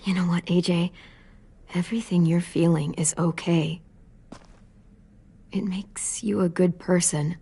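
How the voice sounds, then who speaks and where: A young woman voicing a protective teenage girl in a video game, gentle but firm and reassuring, over game music. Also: on the low side, steady tone, unhurried, gravelly, pauses often, husky, exaggerated voice. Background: game score music.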